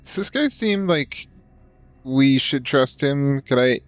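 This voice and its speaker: A man's voice: medium pitch, animated, slow pace, faint music behind. A man playing a tabletop game, wry and questioning. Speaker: player.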